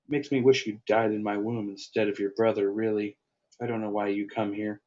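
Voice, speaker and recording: A man's voice: lowish voice, flat delivery, brisk, warm tone, close to an everyday voice. A man reading as a bitter, scornful old mother. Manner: clipped, contemptuous. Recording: lo-fi, dull sound.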